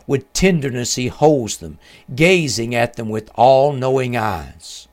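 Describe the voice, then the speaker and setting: Male radio host, measured scripted religious narration, solemn and even-pitched.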